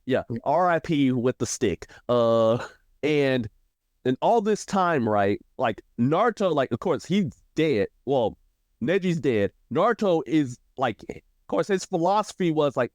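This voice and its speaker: Guy on a podcast breaking down anime plot, animated, does little character voices, dry close mic. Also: unhurried, dry recording. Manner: animated, acts out character quotes with shifting pitch. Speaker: podcast co-host. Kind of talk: casual anime discussion.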